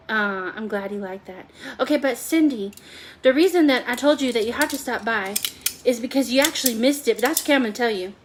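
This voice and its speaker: A woman's voice: fairly high pitch, a little fast, slight background noise. A woman hosting a chatty live cooking stream from her home kitchen, rambling and talking to viewers by name. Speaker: home cooking livestream host.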